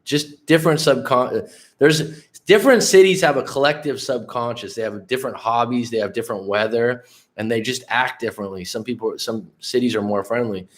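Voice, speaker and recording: A man's voice: medium pitch, a little fast. A man in his late thirties from the San Francisco Bay Area, a life coach host telling a story in a candid, conversational way on a casual livestream, swearing often. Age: late 30s.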